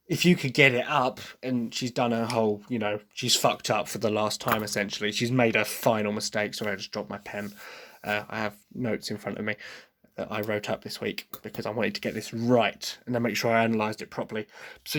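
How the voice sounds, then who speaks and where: Opinionated English man thinking aloud. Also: mid-range voice. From Britain. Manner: opinionated but apologetic, thinking aloud with restarts. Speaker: podcast host. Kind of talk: casual opinion monologue on musical theatre. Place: at a desk with written notes.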